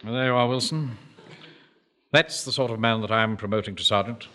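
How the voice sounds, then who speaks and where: An actor playing a pompous, self-important bank manager who also commands a volunteer platoon, speaking in a commanding manner. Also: male voice, on the low side, a little fast, pushed and bright, slight background noise. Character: pompous middle-aged male bank manager and platoon officer. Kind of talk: period sitcom acting.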